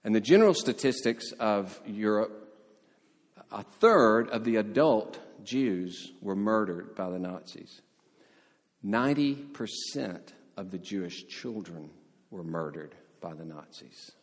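A man's voice: lowish voice, slow. A man preaching a sermon as pastor, telling stories and lightly acting out quoted voices. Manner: storytelling, animated voices for quotes. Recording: long hall reverb.

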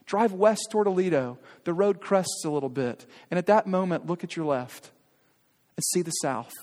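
A man's voice: on the high side, expressive, moderate pace, a little mellow. A man in his thirties preaching a sermon as a pastor. He addresses the congregation directly in an earnest, urging way and asks many rhetorical questions. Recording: long hall reverb.

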